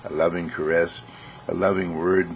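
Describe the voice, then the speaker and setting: A man acting out a horse trainer quietly and tenderly reassuring his horse. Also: low voice, level tone, normal speed, slight background noise, low-quality recording. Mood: soothing. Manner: soothing, tender, hushed. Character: calm, loving horse trainer talking to his horse.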